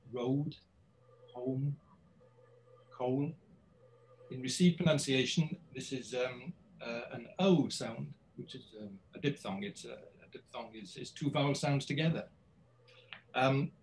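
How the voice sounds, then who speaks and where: A man with a Welsh English accent, a university linguist explaining sounds in a measured lecturing way over a video call. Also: mid-range voice, a little hiss or hum, poor audio. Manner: explanatory, lecturing, frequent ums and restarts. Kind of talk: explaining in an academic talk.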